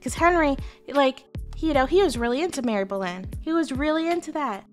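A woman's voice: high-pitched, animated, fairly quick, faint music behind. Irreverent, chatty woman telling history. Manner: irreverent, profane, chatty with lots of fillers. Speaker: history storyteller, virtual streamer. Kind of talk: casual comedic history storytelling.

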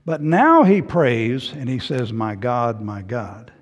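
A man preaching a sermon, moving between hushed, low passages and loud, raised passages. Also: very animated, slow pace. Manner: dramatic swings from hushed to loud. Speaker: pastor. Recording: hall reverb.

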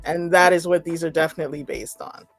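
A woman's voice: on the low side, steady tone, fast, faint music behind. A woman co-hosting a podcast over a video call, chiming in and agreeing in casual chat. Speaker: podcast co-host.

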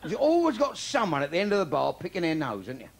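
A man's voice: fairly high pitch, wildly swooping pitch, quick pace, creaky. An older man from London with a Cockney accent, delivering a bawdy stand-up comedy routine in punchy one-liners. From London, England.

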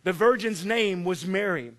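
A man preaching a sermon, animated and joking, acting out the story in voices. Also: high voice, a little slow. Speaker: pastor.

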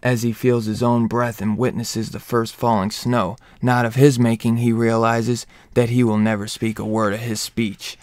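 Male comic reviewer, casual recap, rambling, mid pitch, dry close sound. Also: normal speed, hardly any pauses, no room sound. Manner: rambling, excitable, lots of fillers.

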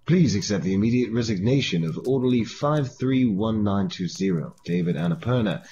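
A man's voice: fairly low pitch, a little mellow, muffled recording, a little hiss or hum, natural voice. A man putting on an English accent to voice a pompous doctor reading out a memo. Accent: put-on English.

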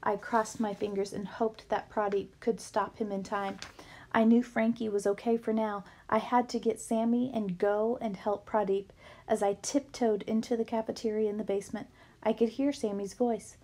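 A woman reading a children's novel aloud with lively storytelling. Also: mid-range voice, moderate pace. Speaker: book reader.

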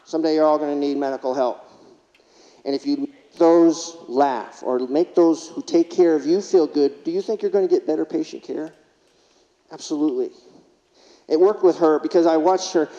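Speaking fairly quickly in a slightly high, mellow voice, this keynote speaker keeps a conference hall audience laughing with stories, performing what his patients said. Long hall reverb fills the lo-fi recording.

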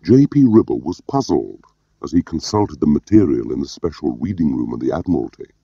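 A man narrating an audiobook in a measured, understated way. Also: rumbling low, sing-song, warm tone, husky, no echo. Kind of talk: scripted narration. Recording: dull lo-fi audio.

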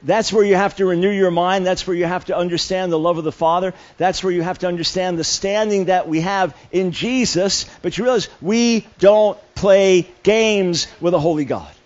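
A man with a fairly high voice delivers a sermon at a camp meeting. He tells stories with humor and often stumbles over restarts. The live recording sounds dull and muffled. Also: normal speed, hardly any pauses. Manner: storytelling with humor and many restarts. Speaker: guest preacher. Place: church camp meeting hall.

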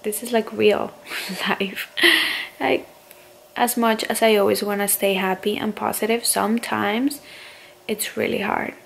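A young woman, a stay-at-home mom vlogging, speaking haltingly and on the verge of tears in an emotional confessional. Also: mid-range voice, vocal fry, rough recording. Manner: tearful, halting, many fillers.

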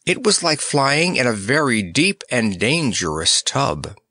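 A man narrating a children's audiobook in a measured, expressive way. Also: mid-range voice, no echo, clean studio sound.

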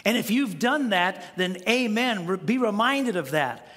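A man's voice: sits high, lively intonation, a little slow, fairly bright tone, in a large hall. A man preaching a sermon as pastor in a conversational style, often restarting and repeating words. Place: church sanctuary.

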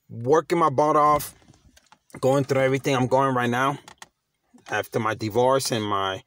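His voice is mid-range with a fairly bright tone: a middle-aged motivational vlogger talking casually and with slang. He's conversational and emphatic, restarting his phrases and repeating himself.

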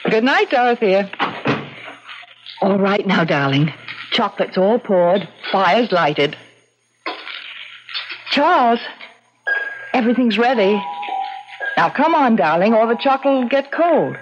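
A woman's voice: medium pitch, big pitch swings, slow pace, long pauses, music in the background. An actress playing a lonely widow who dotes on her ghost husband, in old-time radio drama style. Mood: bossy. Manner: gushing, pleading, doting. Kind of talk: 1940s radio acting. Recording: muffled old radio broadcast.

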